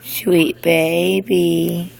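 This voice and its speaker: A young mother cooing to her newborn at home in soft baby talk, whispering softly and then rising into high squeals. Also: level tone, extremely slow, gravelly.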